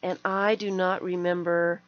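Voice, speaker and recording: A middle-aged woman hosts an art channel live stream, chatting casually and gushing with delight as she opens her mail. Her lowish voice stays level and unhurried, and the stream audio is slightly dull and lo-fi.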